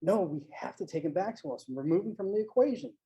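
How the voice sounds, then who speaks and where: A reader voicing a hushed, nervous young academic man. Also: mid-range voice, expressive, quick pace, husky, voice pushed up. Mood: arguing. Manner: arguing in an urgent hushed tone. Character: nervous young male time-traveling academic.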